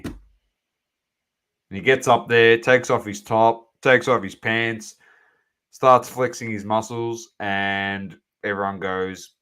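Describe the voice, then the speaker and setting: A man's voice: lowish voice, fairly even intonation, takes it slowly, a bit bright, smooth. An Australian man co-hosting a sports podcast, chatting casually in blunt, sweary slang. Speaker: podcast co-host.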